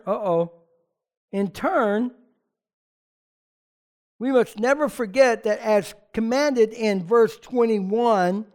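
A man preaching a sermon to his church in a lively, conversational way, with chatty asides. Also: very high voice. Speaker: pastor.

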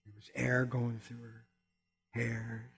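An older man preaching, telling a humorous personal testimony with animated storytelling and quick asides. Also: mid-range voice, husky.

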